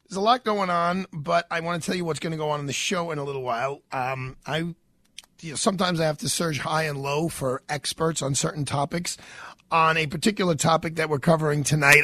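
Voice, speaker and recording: A man's voice: fairly high pitch, pushed and bright, no room sound. A man with a New York accent hosting a radio talk show, stuffed up with a cold, rambling and stammering with many fillers.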